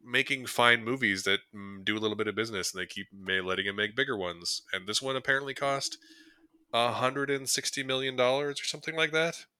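A man's voice: mid-range voice, fairly quick, sharp tone, smooth, no echo, studio quality. A man co-hosting a movie podcast, talking casually and rambling with lots of fillers and chuckles. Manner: laid-back, rambling, frequent fillers and chuckles. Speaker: podcast co-host. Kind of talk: casual movie review chat.

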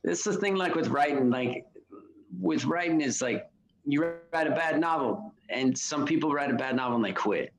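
A man's voice: fairly high pitch, expressive, normal speed, low-quality recording. A middle-aged man, a novelist and songwriter, talking casually in an interview, rambling and frank, swearing often and restarting his sentences.

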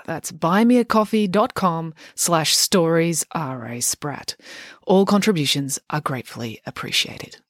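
A woman, a children's author and podcast host, reading a bedtime story in a friendly, expressive way. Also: lowish voice, dry recording, clean studio sound.

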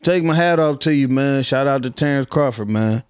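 Mid-range and clean, at a moderate pace, the voice belongs to a Minnesotan vlogger breaking down the news for his audience. He keeps it casual, laughing often and leaning on street slang.

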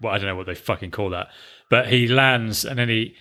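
A man with a bright, forceful tone, co-hosting a casual chat. He is blunt and sarcastic and swears freely. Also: fairly low pitch, a little fast. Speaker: podcast co-host.

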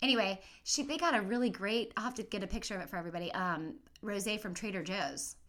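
A woman's voice: mid-range voice, quick pace, fairly bright tone. A woman co-hosting a casual chat show, telling rambling stories with giggles and restarts. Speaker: podcast co-host.

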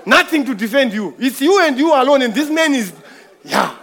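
Delivering a sermon, a middle-aged preacher recounts a personal story with repeated words, alternating booming outbursts and quiet asides. He speaks in a very high-pitched voice at a moderate pace, with lively intonation.

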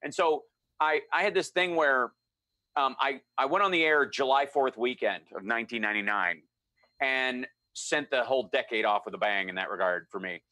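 A middle-aged man telling a story in a relaxed chat, animated and acting out the voices of the people he quotes. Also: medium pitch, normal speed, dry recording. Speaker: guest storyteller.

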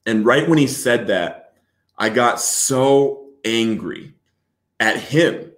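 A man's voice: mid-range voice, a bit bright. Earnest man telling his story, echoey room. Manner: earnest, halting storytelling with many restarts. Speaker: interview guest. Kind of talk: personal recovery story.

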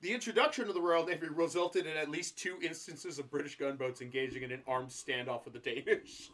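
A man co-hosting a podcast, telling history in a loose, profane way. He jokes, swears freely and breaks into laughter often. His voice sits a little high for a man. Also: steady tone, brisk, fairly bright tone. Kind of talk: casual profane chat.

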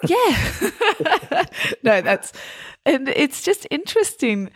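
A woman's voice: high-pitched, sing-song, extremely slow, dry recording, studio quality. A woman interviewing a guest in a casual chat, asking friendly and curious questions.

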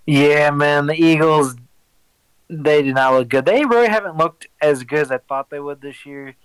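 A man co-hosting a laid-back sports chat in a smooth, clear voice. He talks evenly and easily, with a laugh here and there. The sound is close and dry. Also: a little high, moderate pace, dry recording, poor audio. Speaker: podcast co-host.

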